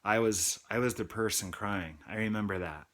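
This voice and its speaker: A man in his thirties hosting his own channel, telling a personal testimony in a halting, confessional way with many restarts. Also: fairly low pitch, a bit bright, a little hiss or hum. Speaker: channel host.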